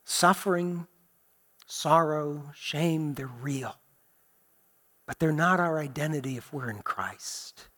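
A man preaching a sermon as pastor, earnest and deliberate, dropping to soft low phrases.

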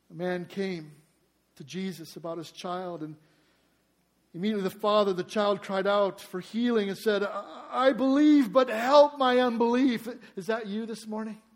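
A man preaching a sermon in a high, bright-sounding register. He is emphatic, and he leans on rhetorical questions to the congregation. He acts out quoted cries with sudden loud bursts. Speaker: pastor.

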